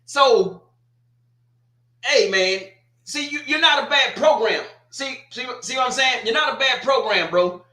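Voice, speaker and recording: A man's voice: very high voice, measured pace, bright, forceful tone, reverberant. A man hosting a casual sports talk stream, teasing and trash-talking a team and repeating his points. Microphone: streaming setup.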